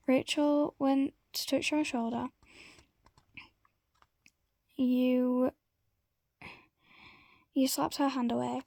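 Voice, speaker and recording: A woman casually narrating a fan story, halting and often slipping into a whisper. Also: high voice, flat delivery, creaky, a little mellow, no room sound, clean studio sound.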